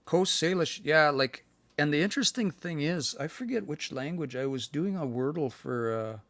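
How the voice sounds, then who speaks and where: A man, teaching language in a relaxed, hesitant way with many fillers on a livestream. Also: a little high, moderate pace, no room sound.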